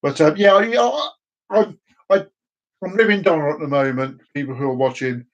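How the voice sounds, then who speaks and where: A man with a fairly high voice, rambling through a casual, teasing monologue for his channel. He talks in bursts and often restarts his sentences. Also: normal speed, dull audio. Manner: teasing, chatty, many restarts. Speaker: vlogger.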